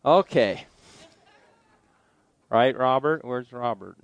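Folksy, high-voiced male pastor preaching. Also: animated, a little slow, a bit bright, dry recording. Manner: folksy, joking asides to the congregation. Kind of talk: sermon.

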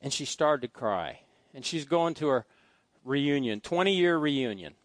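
A middle-aged male pastor telling folksy personal stories during a sermon, swinging between loud asides and quiet musing. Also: medium pitch, lively intonation, measured pace, dry recording. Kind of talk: storytelling sermon. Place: church sanctuary.

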